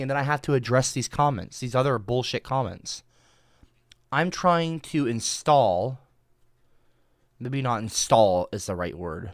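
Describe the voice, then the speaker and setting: A man livestreaming through a headset, exasperated, swinging between mumbling and shouting at his chat. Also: medium pitch, dry recording, clean studio sound. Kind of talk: livestream rant.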